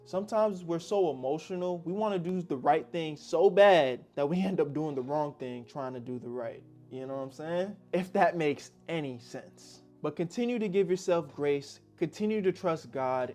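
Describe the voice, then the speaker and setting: A man's voice: fairly high pitch, a little mellow. A young man narrating a personal story in a candid, slangy, reflective way. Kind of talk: casual storytelling.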